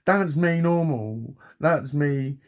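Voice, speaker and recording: Gravelly, sweary man in his forties. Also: on the high side, slow pace. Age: 40s. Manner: sweary, chatty, self-mocking, laughs often. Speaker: vlogger. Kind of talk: rambling personal monologue.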